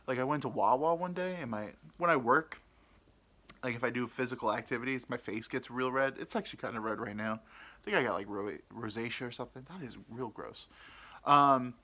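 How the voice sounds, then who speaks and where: A man's voice: mid-range voice, bright, forceful tone. A young man hosting a podcast, telling a rambling, self-deprecating story in casual chat. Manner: rambling, self-deprecating, mimics people he quotes. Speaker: podcast host.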